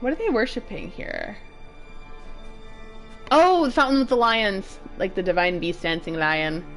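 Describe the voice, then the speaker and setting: A woman's voice: medium pitch, expressive, measured pace, soft background music. A woman in her thirties chatting casually while streaming a game, giggly and playfully swearing. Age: 30s. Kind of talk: casual gameplay commentary.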